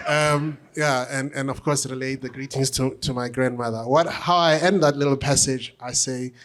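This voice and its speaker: A middle-aged man, an author and conductor, telling an anecdote at a book talk with lively, self-deprecating humor. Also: mid-range voice, moderate pace. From South Africa. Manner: animated anecdotal storytelling with self-deprecating laughs.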